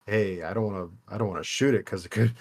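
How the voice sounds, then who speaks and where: A man's voice: on the low side, quick pace. Rambling young man on a podcast. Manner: rambling, loose, swears casually. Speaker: podcast co-host. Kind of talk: casual podcast chat.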